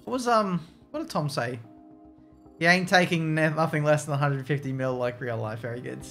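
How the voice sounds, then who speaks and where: Joking male streamer, fairly high voice. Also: normal speed, a bit bright, faint music behind. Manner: joking, swears, talks to chat. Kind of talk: casual gameplay commentary.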